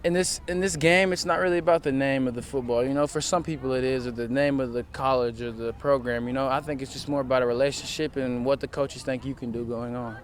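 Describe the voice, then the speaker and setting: A teenage high school football player answering questions in a relaxed way, rambling with lots of fillers, outdoors at a field. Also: male voice, quick pace, hardly any pauses, slight background noise. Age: teens. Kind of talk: casual interview.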